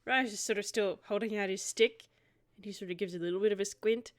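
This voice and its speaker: A woman's voice: medium pitch, fairly even intonation, quick pace. A woman playing a tabletop game, describing her character's actions in a giggly, rambling way. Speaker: player. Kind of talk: tabletop game play, casual chat.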